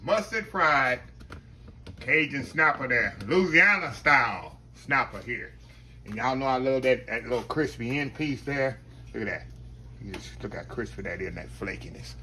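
A man hosting a casual home cooking video, folksy and chatty, talking to viewers as "y'all" and dropping to a low murmur while he tastes. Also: lively intonation, moderate pace, bright, forceful tone, a little hiss or hum. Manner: folksy, keeps saying "y'all". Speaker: cooking channel host.

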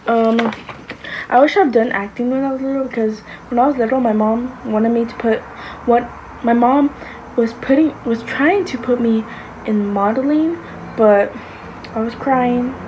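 A woman's voice: a little high, normal speed, darkish tone, low-quality recording. Gushing young woman vlogger, faint hiss. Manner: gushing, exclaims often, sometimes drops to a whisper. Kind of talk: casual reaction vlog.

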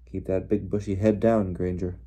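A man's voice: on the low side, normal speed, mellow, lightly acted. A man voicing a sneering teenage boy bully with a lazy, mocking drawl.

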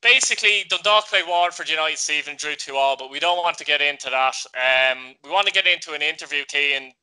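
A man with an Irish accent hosting a football vlog, talking indignantly in quick, broken phrases. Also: on the high side, sharp tone, clean tone, rough recording. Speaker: vlog host. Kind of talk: casual football chat.

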